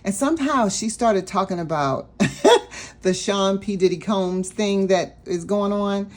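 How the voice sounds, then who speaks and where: A woman vlogging about her budget, telling a personal story in a chatty, animated way and talking straight to her viewers. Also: mid-range voice, measured pace. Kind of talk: casual storytelling vlog.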